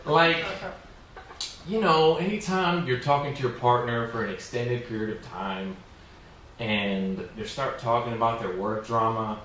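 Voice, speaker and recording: A man's voice: mid-range voice, bright, forceful tone. A man performs stand-up comedy, spinning a rambling, self-mocking story peppered with fillers. His voice is picked up from a distance and bounces around a very echoey room, with faint noise underneath. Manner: rambling, self-mocking, lots of "like" and "you know". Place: small comedy venue with an audience.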